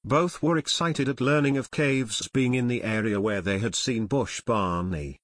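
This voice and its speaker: Male audiobook narrator, steady, mid-pitched, dry close studio sound. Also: a little slow, no echo. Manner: steady storytelling. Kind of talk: scripted narration.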